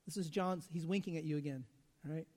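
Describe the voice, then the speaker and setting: A male pastor preaches in a relaxed, conversational way, tossing in asides and rhetorical questions. His voice sits high, and it rings out with a long hall reverb. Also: fairly quick. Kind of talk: sermon.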